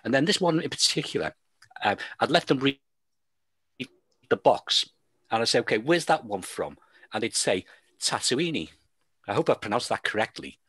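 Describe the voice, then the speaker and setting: A man's voice: medium pitch, expressive, a little fast, pauses often, fairly bright tone, breathy edge, no room sound. A man with a Liverpool accent hosting a radio show, chatting with a guest over a video call and telling long stories full of fillers and restarts. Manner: rambling storyteller, many fillers and restarts. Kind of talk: casual chat with a guest.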